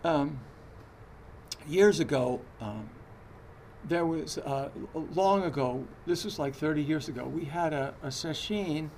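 Zen teacher, conversational and hesitant. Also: male voice, a little high, a little slow, darkish tone, slight background noise. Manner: conversational, hesitant, frequent fillers and restarts. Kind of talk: dharma talk.

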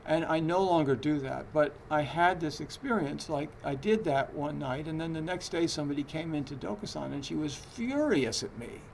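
A man's voice: on the high side, normal speed, vocal fry, hardly any pauses, a little hiss or hum. A man giving a Zen dharma talk in a conversational, hesitant way, with frequent fillers and restarts. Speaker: Zen teacher.

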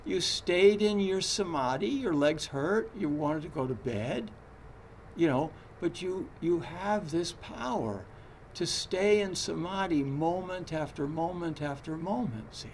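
A man's voice: on the high side, animated, a little slow, a little hiss or hum. A man giving a Zen dharma talk in a conversational, hesitant way, with frequent fillers and restarts. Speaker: Zen teacher.

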